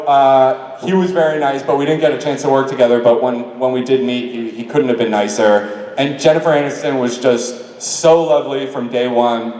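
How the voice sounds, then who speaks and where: A man's voice: mid-range voice, darkish tone, far from the mic. A man from New York answering fan questions on a convention panel, chatty and self-deprecating, laughing often. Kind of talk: casual convention Q&A. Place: large convention hall with audience. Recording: echoey convention hall through a PA, heard from afar.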